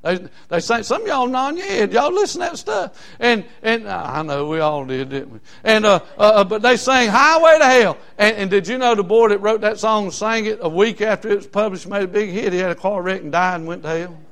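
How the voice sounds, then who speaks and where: Preacher, male, high-pitched, fervent and filler-heavy sermon delivery. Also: lively intonation, brisk, creaky, few pauses, a bit bright. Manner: fervent, repetitive, many fillers.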